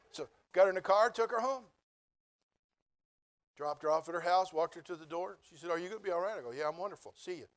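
Male pastor, middle-aged, from the US; folksy storyteller, lively and comic, pitch a touch high. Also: fast. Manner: folksy, humorous, animated storytelling. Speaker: preacher and Bible college teacher. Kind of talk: storytelling sermon.

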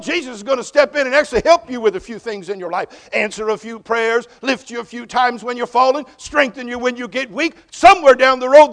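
A male pastor preaching a sermon, calling out emphatically with repeated rhetorical questions to the congregation. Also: extremely high pitch. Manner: quiet storytelling in parts.

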